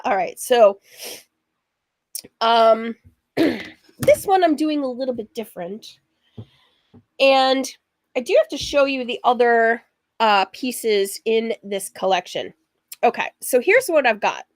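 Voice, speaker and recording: Sewing show host, woman, husky from allergies, rambling and unhurried, recorded dry and close. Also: a little high, animated, no room sound. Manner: rambling, chatty, laughs often. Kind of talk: casual chatty livestream.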